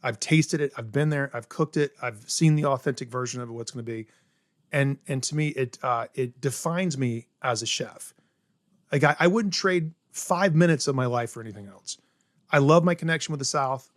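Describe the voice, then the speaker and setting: A man's voice: mid-range voice, moderate pace, no room sound, clean studio sound. A middle-aged man from South Carolina, a chef guest on an interview podcast, explaining cooking in an eager, step-by-step way and often checking in with "right?". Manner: enthusiastic, explains step by step with many "right?" tags. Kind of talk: casual interview chat.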